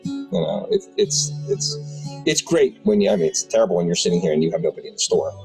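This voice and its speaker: A man's voice: low-pitched, wildly swooping pitch, fast, over music, rough recording. A man in his fifties who owns a tabletop game shop, telling rambling anecdotes with many restarts in an interview. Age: 50s. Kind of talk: storytelling interview.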